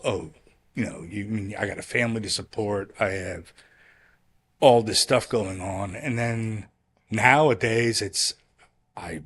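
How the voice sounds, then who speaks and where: A man's voice: lowish voice, fairly bright tone, husky. A man, a company founder telling stories as a podcast guest, rambling and restarting often and acting out quoted conversations. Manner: rambling, halting, with many restarts and quoted dialogue. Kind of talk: casual storytelling interview.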